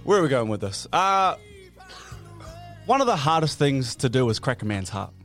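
A man's voice: medium pitch, big pitch swings, normal speed, a bit bright, faint music behind. A New man co-hosting a morning radio show, bantering playfully and hyping up listeners. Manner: playful, rhyming hype delivery.

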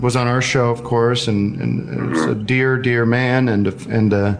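A man's voice: mid-range voice, steady tone, measured pace. A man hosting a casual call-in show, rambling and joking with many fillers and restarts. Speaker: host taking listener calls.

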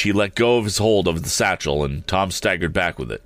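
Man reading a story aloud, really low voice, dry close sound, fixes little slips as he goes. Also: a little fast, dry recording. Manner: steady reading with occasional slips and restarts. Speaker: audiobook reader. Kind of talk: storybook narration.

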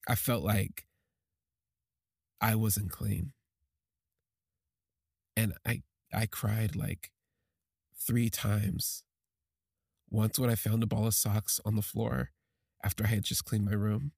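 A man with a lowish, slightly husky voice recounts a personal story. He speaks haltingly and with emotion, often restarting his sentences. The sound is close and dry, with no room around it. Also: steady tone, darkish tone, no echo. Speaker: podcast storyteller.

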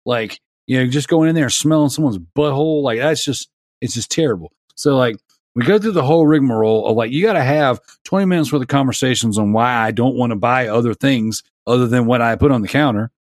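A man's voice: mid-range voice, fairly quick, no echo, clean studio sound. A man in his thirties telling a long, exasperated story in a casual podcast chat. He rambles and restarts his sentences often. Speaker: podcast panelist.

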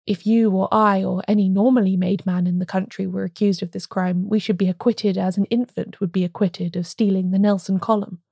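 A woman reading the lines of a grim male village doctor who speaks low and gravely. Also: little pitch movement, a little fast, hardly any pauses, a little mellow, dry recording, studio quality.

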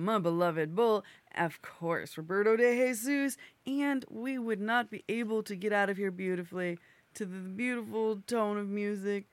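A woman's voice: medium pitch, normal speed, no room sound. A woman hosting a casual podcast, wrapping up the show, rambling and laughing as she stumbles over guests' names. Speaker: podcast host. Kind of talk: casual chat, show sign-off.

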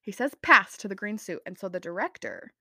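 A woman's voice: mid-range voice, expressive, brisk, no echo, clean studio sound. Chatty young woman rambling on a podcast. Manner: rambling, chatty, self-mocking. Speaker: podcast host. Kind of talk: casual chat.

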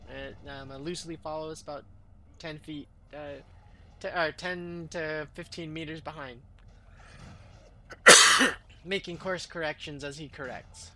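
A man's voice: a little high, steady tone, unhurried, long pauses, sharp tone. A man narrating as game master of a tabletop game in a rambling way, full of fillers and restarts.

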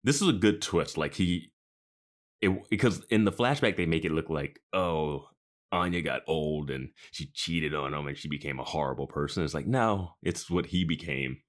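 A man's voice: extremely low pitch, moderate pace. A man co-hosting a TV recap podcast in casual chat, reflecting thoughtfully with many fillers like "like" and "you know". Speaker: podcast co-host.

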